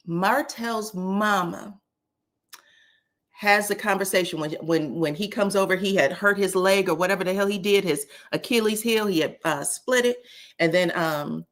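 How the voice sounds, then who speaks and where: A woman doing casual live-stream commentary, chatty and animated, talking straight to her chat. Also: mid-range voice. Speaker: livestream commentator.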